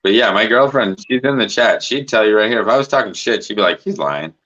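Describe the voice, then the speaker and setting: A man's voice: fairly low pitch, quick pace, a bit bright. A man hosting a casual livestream chat, rambling and swearing with lots of filler words. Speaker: host. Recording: dull lo-fi stream audio.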